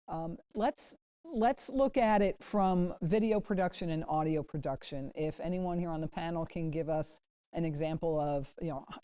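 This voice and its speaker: A woman's voice: deep voice, mellow, smooth. A woman from Long Island moderating a panel discussion and asking the guests questions. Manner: chatty, asks questions.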